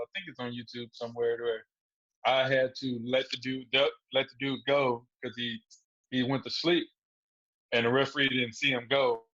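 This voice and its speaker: Male guest, relaxed storyteller, chuckles often, muffled podcast audio. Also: medium pitch. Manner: laid-back, laughs through his stories. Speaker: guest fighter. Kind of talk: casual storytelling interview.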